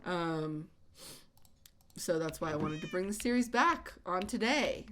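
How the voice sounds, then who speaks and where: Soft-spoken slow woman, halting. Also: lowish voice, animated. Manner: halting, many fillers and restarts. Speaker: channel host. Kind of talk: casual chat while gaming. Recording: audible background noise.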